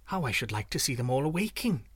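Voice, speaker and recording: A man's voice: medium pitch, very animated, fast talker, husky, dry recording. A man voicing a curious, eager Welshman who asks question after question in a wondering tone.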